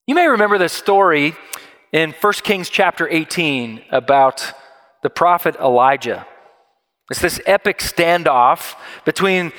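A man delivering a sermon with a slightly high voice, acting out the people he quotes. The sound carries a long reverb from a large hall. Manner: animated storytelling, acts out quoted voices. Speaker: pastor.

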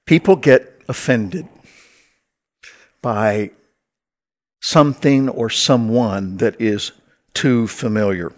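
A man's voice: mid-range voice, takes it slowly, pauses often. A man preaching a sermon as pastor to his congregation, in a conversational way with wry asides.

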